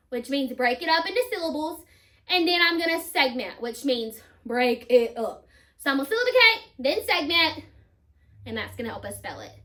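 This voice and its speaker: Bright, high-voiced teacher. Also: female voice. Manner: slow, deliberate sounding-out of words. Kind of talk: spelling lesson for children.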